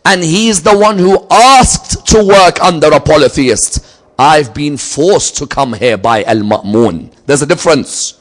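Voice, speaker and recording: A man's voice: expressive, unhurried. Emphatic male religious lecturer. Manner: storytelling, voice swings from loud emphatic peaks to low quiet asides. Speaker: Islamic lecturer.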